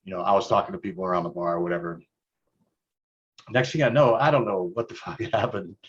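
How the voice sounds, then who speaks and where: A man's voice: low voice, quick pace, highs cut off. A man telling a long bar anecdote in a casual chat, swearing a lot and chuckling as he goes. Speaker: guest.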